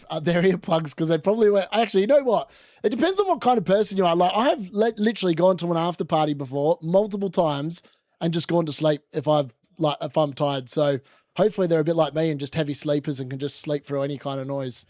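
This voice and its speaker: A young man with a fairly high voice talks through a live football watchalong, chatty and rambling as he reacts to the game. The sound is dry and close, with no room echo. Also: quick pace, a little mellow. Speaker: watchalong host. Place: room at home.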